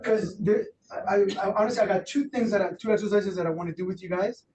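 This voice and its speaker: A man running a real estate training workshop, loose and animated, acting out quotes with plenty of fillers. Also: high-pitched, fast, crowd noise. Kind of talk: workshop talk. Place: training room. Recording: roomy, distant, faint noise.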